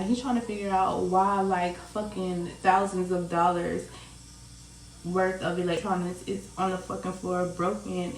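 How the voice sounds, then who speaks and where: A woman's voice: fairly low pitch, darkish tone. A young adult woman author, casually retelling her own story to viewers in a chatty, profane way. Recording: roomy sound, from a distance.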